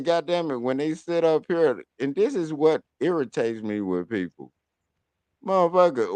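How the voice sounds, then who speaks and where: A man's voice: fairly high pitch, no room sound. Profane ranting man, dry close sound. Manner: heated, cursing, blunt storytelling. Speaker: radio show host. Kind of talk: profane casual rant.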